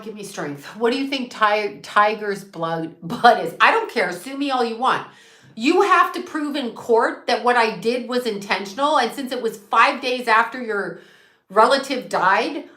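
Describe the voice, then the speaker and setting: With a fairly high, pushed and bright voice, a psychic medium vents in a defiant, foul-mouthed livestream rant, saying things again for emphasis. The sound is reverberant.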